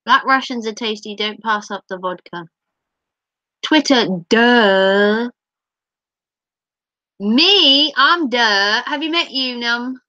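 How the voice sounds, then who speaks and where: A middle-aged woman hosts a casual livestream from home, playfully teasing viewers and reading their comments with giggles, her voice a little sore. It's fairly high, pushed and bright, slow with long pauses, in a recording with no echo and cut-off highs.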